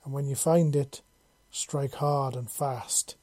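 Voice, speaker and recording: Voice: mid-range voice, fairly even intonation, slow, dark tone, no room sound. A narrator voicing a bold, flirtatious female robot soldier who teases playfully, read from a storybook. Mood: breathless. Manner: teasing, playful.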